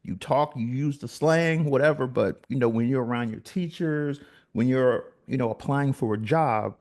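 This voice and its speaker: A man's voice: mid-range voice, normal speed, darkish tone. A man hosting an interview, chatting casually and telling stories. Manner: storytelling, acts out quoted voices. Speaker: podcast host.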